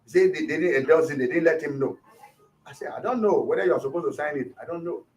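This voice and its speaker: A man's voice: a little high, quick pace, a little mellow, far from the mic, rough recording. A Nigerian man, a pastor, animatedly retelling a dispute in an interview, acting out the quotes as he goes. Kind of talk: storytelling interview.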